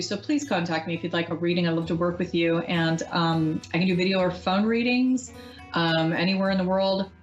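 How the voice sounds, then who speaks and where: A woman hosting a live call-in psychic radio show, talking in a gentle, reassuring way with frequent ums. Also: lowish voice, muffled recording.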